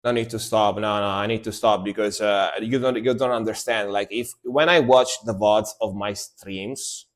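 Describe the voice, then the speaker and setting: A man's voice: on the low side, fairly even intonation, normal speed, few pauses. A man from Italy with an Italian accent, streaming music reactions in casual, rambling commentary that repeats words and pokes fun at himself.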